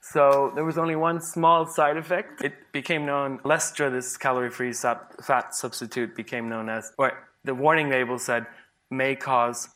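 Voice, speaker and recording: A man's voice: medium pitch, little pitch movement, normal speed, few pauses, fairly bright tone. A man, a psychologist, giving a humorous conference talk, playful and sarcastic, often laughing at his own examples.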